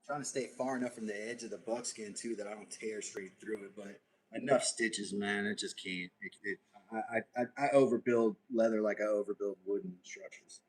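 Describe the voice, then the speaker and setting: A man's voice: lowish voice, steady tone, moderate pace, low-quality recording. A man hosting a casual livestream outdoors, chatting easily and joking while he stitches leather. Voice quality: ginger, sweaty from working outdoors. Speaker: livestream host. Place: outdoors, warm day.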